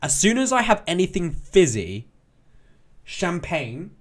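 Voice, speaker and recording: A man's voice: high-pitched, very animated, measured pace. A young man with an English accent who hosts a casual live stream. He swears freely, teases and laughs a lot. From England. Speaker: motovlogger hosting a live stream.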